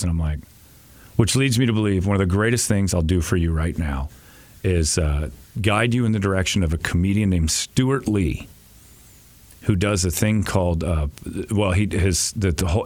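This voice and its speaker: Deep-voiced man telling rambling radio stories. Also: normal speed, a little mellow. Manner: rambling, profane, self-deprecating anecdotes. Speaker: radio host. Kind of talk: casual storytelling chat.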